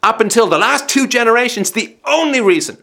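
A man hosting a call-in advice show, talking in an animated, dramatic way and acting out scenes to make his point. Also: very high voice, brisk, vocal fry. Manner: animated, dramatic, acts out scenarios.

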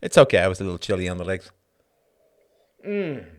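The host of a call-in livestream show delivers a casual monologue, sarcastic and mocking, breaking into fits of laughter. He speaks a little fast in a low, sing-song voice.

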